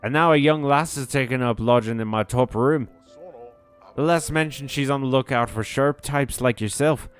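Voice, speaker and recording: A man's voice: mid-range voice, moderate pace, faint music behind, lightly acted. A man voicing a hearty old bug innkeeper with a rustic dialect. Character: gruff old male bug innkeeper, folksy.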